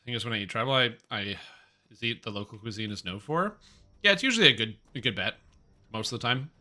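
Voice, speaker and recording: A man's voice: on the low side, fast talker, sharp tone. A young man streaming a game, chatting casually and rambling as he jokes and answers chat. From Canada.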